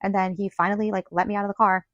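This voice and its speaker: A woman podcast host tells a personal story in a quick, chatty run, her speech full of fillers and acted-out dialogue. Her voice sits at an ordinary middle pitch. The recording is dry and close, with no room echo. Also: lo-fi sound. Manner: chatty, animated retelling full of "like" and quoted dialogue. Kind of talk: casual storytelling monologue.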